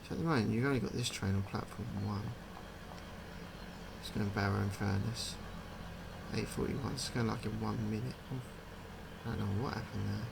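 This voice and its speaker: A man's voice: on the low side, steady tone, moderate pace, vocal fry, long pauses, very noisy. A man giving casual, chatty commentary while playing a train game, thinking aloud and puzzling over details. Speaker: gaming channel host.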